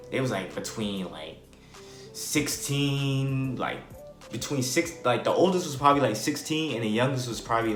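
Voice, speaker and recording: A young man from New Jersey telling a casual storytime, rambling and slangy, with lots of "bro" and "like". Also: lowish voice. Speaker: vlogger. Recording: roomy with faint music.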